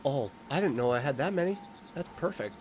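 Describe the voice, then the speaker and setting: Against background noise, a let's-play host with a fairly high, animated voice talks briskly through a horror video game. He comments throughout, speaks to the characters and yelps whenever he gets a fright.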